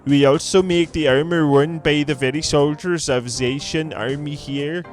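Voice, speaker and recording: A man's voice: fairly high pitch, steady tone, normal speed, faint music behind, close to an everyday voice. A man voicing a proud male dwarf who boasts about his city's smiths, in a put-on Norse accent that slides toward Scottish as he reads game dialogue aloud. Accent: put-on Norse drifting Scottish. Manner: boastful, stately recitation.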